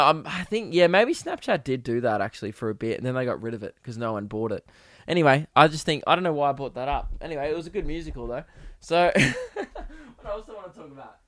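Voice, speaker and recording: Recorded at a home podcast setup, a young man hosts a solo podcast, rambling through profane comic stories in casual chat. His voice is a little high and slightly bright, captured with studio quality and no room sound.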